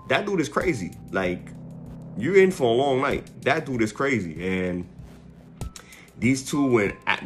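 A man with a fairly low voice talks through a recap in a loose, casual way. He rambles, corrects himself mid-sentence and laughs at his own slips, with faint music playing behind him. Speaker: wrestling fan reviewer. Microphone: headphones with mic.

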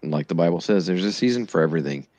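A man in a casual podcast chat, talking in a calm, preachy way. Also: deep voice, quick pace, dry recording.

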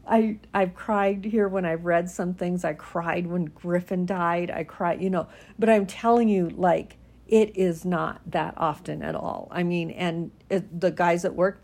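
A woman's voice: fairly low pitch, vocal fry, darkish tone. A middle-aged woman talking candidly to her viewers in a folksy, emphatic way, laughing often as she tells personal stories. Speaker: vlogger.

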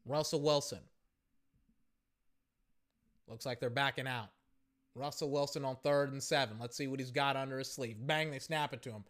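A young man hosting a casual podcast, giving play-by-play commentary on a game with slangy, excitable reactions, his voice going hoarse. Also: mid-range voice, moderate pace, long pauses. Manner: excitable, shouting at big plays, slangy. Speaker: podcast host.

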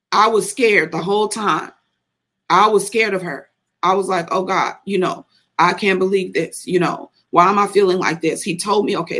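Woman w telling her testimony, gravelly low edge, rambly, lots of ums. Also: fairly bright tone. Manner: candid, confessional storytelling with many fillers. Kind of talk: personal testimony.

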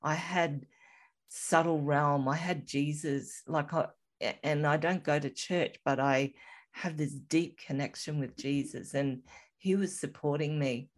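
A woman with a low, unhurried voice tells a personal story as an interview guest. She speaks softly and reflectively, letting her sentences trail and pause. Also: fairly even intonation. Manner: slow, reflective, soft-spoken storytelling.

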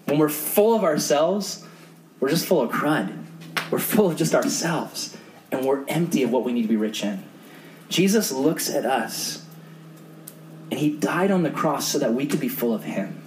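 A man's voice: a little mellow, a little hiss or hum, poor audio. A young man preaching a youth group sermon as the youth pastor, earnest and conversational. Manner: earnest and conversational, acting out quoted voices in a higher pitch.

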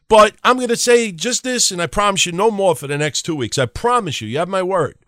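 A man hosting a solo wrestling podcast, ranting in an animated, profane way at a desk microphone and mocking people in put-on voices. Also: high-pitched, a little fast, hardly any pauses, no room sound, studio quality. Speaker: podcast host.

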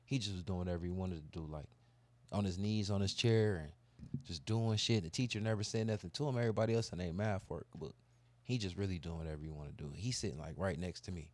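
A man telling a long, animated, profane story in casual chat. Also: sits low, fast talker. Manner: animated, profane, acts out kids' voices. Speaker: podcast co-host telling a story.

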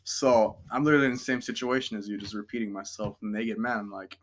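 A man's voice: on the low side, fairly even intonation, fast, a little hiss or hum. A man from Europe, co-host in a casual podcast chat, blunt, profane and joking.

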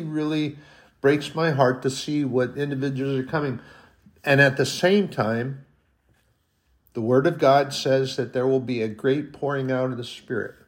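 A man preaching a sermon in an earnest way, slowing on key words and rising to emphatic peaks. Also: medium pitch.

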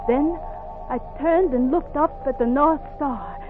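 A young enslaved woman fleeing north, earnest and defiant, in a vintage radio play. Her voice sits high. It comes through a thin, tinny old radio recording. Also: takes it slowly, music in the background. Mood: breathless. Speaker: narrator and lead. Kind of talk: 1950s radio drama acting.

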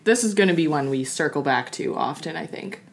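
A woman's voice: deep voice, animated, fairly quick, vocal fry. A woman in her thirties co-hosting a podcast, chatting casually and laughing easily. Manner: giggly, playful. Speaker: podcast co-host. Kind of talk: casual chat.

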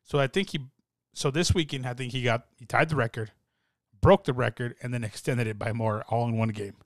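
Young guy rambling excitedly, lots of ums and restarts, dry close sound. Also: mid-range voice, brisk, no room sound. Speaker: soccer fan podcaster. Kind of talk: casual chat.

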